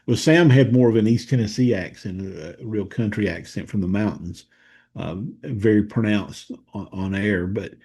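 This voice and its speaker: A man talking things over on a podcast, his voice mellow and a little husky. He muses slowly, often trailing off and restarting his thought. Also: on the low side. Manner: thoughtful, hesitant, many fillers and restarts. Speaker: co-host of a wrestling history show. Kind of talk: casual podcast discussion.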